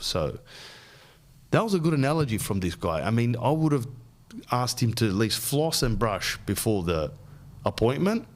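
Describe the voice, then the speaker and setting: An Australian man hosting a podcast, talking in a loose, slangy, animated way and calling the listener "bro.". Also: mid-range voice, normal speed. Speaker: podcast host. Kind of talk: casual rambling monologue.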